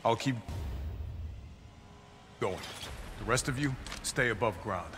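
A man's voice: medium pitch, slow pace, music in the background, natural voice. An actor playing a stern male squad captain giving terse commands in video game dialogue. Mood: commanding.

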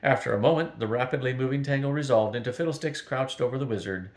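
Brief: grandfatherly reader, older man, steady storybook narration, echoey room. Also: mid-range voice, fast talker. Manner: steady and even, with small slips. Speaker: grandfather reading aloud. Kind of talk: storybook read-aloud. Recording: roomy echo.

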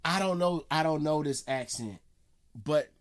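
A man's voice: on the high side, measured pace. A man casually hosting a comedy reaction video, loose and slangy.

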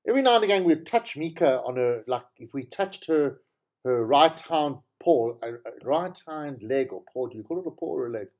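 A middle-aged man rambles through a casual solo monologue, correcting himself as he goes. His pitch swings animatedly from phrase to phrase, and his tone stays warm and mellow. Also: expressive, moderate pace. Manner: chatty and rambling, with frequent self-corrections. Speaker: show host.

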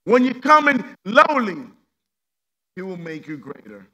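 A male pastor preaching a sermon with passion, swinging from loud emphatic peaks to hushed low passages and repeating rhetorical questions. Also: big pitch swings, unhurried.

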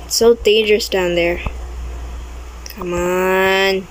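A woman's voice: mid-range voice, steady tone, slow, slight background noise, poor audio. A young woman commenting on her own gameplay, easily startled, with frequent exclamations and non-native English grammar. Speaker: gaming video creator.

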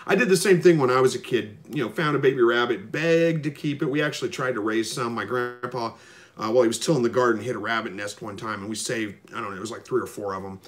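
A man hosting a live stream, reading viewer comments and answering them in a relaxed, rambling way with lots of ums. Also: medium pitch, quick pace. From Missouri. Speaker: livestream host answering viewer questions. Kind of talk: casual live chat, reading comments aloud.

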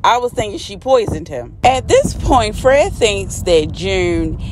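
Woman recapping a show, blunt and slangy, mid pitch, bit of noise behind. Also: big pitch swings, slow. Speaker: TV recap vlogger. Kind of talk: casual episode recap.

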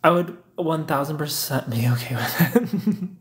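A man's voice: fairly high pitch, lively intonation, unhurried. A young man, hosting a casual livestream, reading chat comments aloud and teasing viewers in a joking way.

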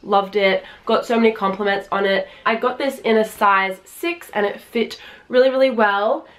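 A woman's voice: mid-range voice, moderate pace. A woman in her early twenties with an Australian accent, chatting in a try-on haul video at home, gushing and filling her talk with "like" and "um". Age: early 20s. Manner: chatty and gushing, many fillers. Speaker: fashion vlogger.

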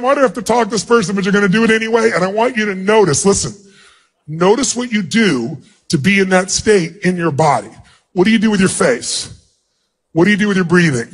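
A man leading a big seminar, loud and commanding, acting out quick little scenes for a large audience in an arena. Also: high-pitched. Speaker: motivational speaker.

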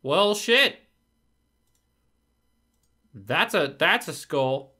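A man narrates his own gameplay, frustrated and swearing as he mutters to himself. His pitch moves a lot, from low grumbles to sudden loud outbursts, and his tone is bright and forceful. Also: animated, extremely slow. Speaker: gaming video creator. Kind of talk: gameplay commentary.

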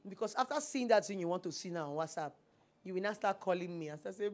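A Nigerian woman hosting a TV call-in advice show, animated and preachy, slipping into Pidgin. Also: lowish voice, fast. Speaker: talk show host. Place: TV studio.

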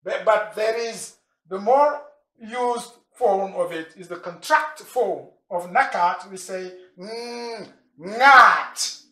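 A language teacher gives a vocabulary lesson, spelling out words and repeating each one slowly and patiently, with asides about dialects. His mid-range voice echoes around a roomy space.

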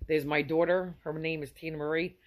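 A woman's voice: deep voice, level tone, a little fast. A woman in her fifties sends effusive, rambling holiday greetings to her viewers from her home. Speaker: vlogger.

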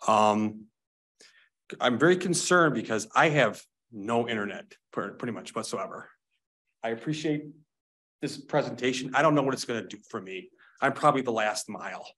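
A man making a public comment at a board meeting, emotional and pleading, speaking haltingly. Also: medium pitch, lively intonation, fairly bright tone. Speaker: member of the public.

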